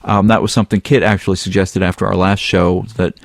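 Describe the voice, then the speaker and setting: Low-voiced male podcast host, dry sound. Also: quick pace, gravelly, dry recording. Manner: relaxed, rambling, with some filler words. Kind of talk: casual podcast chat, reading a listener email.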